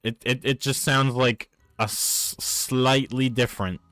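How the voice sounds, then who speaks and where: A man's voice: medium pitch, fairly even intonation, measured pace, fairly bright tone, no echo. A man with a Newfoundland accent, chatting casually on a live stream and arguing with viewers about his microphone. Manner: exasperated, arguing with chat about his mic.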